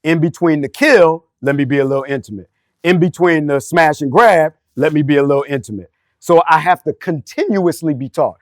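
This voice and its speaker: A man's voice: a little high, a little fast, no room sound. Storytelling man, dry close sound. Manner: storytelling, animated, street-casual phrasing. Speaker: podcast panelist. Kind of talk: candid podcast talk.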